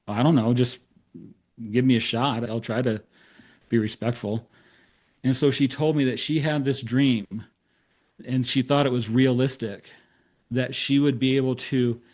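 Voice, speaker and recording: A middle-aged man, a therapist, telling a case story in a talk, acting out the dialogue with self-deprecating humor. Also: mid-range voice. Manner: animated storyteller who acts out quoted dialogue. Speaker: therapist presenting case studies.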